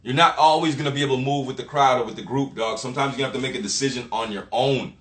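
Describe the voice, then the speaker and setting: A man's voice: medium pitch, rapid-fire. Blunt, swearing man ranting in echo. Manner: blunt, forceful, heavy swearing and street slang; preachy, lecturing the listener directly. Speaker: motivational vlogger. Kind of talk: profane motivational rant. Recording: echoey room.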